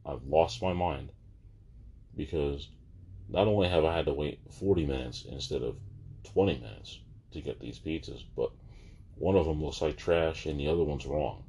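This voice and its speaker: Deep-voiced man ranting in exasperation. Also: normal speed, gravelly, warm tone, slightly rough. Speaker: vlogger. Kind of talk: casual storytelling.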